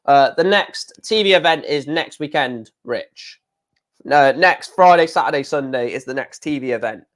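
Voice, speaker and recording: A man's voice: mid-range voice, animated, normal speed. A man, casually chatting on a live darts stream, reading out viewer comments in a blunt, frequently swearing way.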